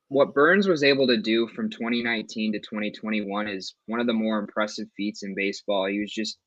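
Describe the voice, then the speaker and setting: A man on a sports podcast, calmly breaking down a baseball team. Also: on the low side, a little fast, no echo. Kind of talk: casual sports podcast chat. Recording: dull dry lo-fi mic.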